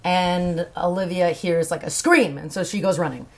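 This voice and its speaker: A woman recaps a novel for her podcast co-host in relaxed, casual chat. She talks loosely, swears freely and leans on "like" as she narrates. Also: on the low side, normal speed. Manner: loose and profane, narrating with lots of "like".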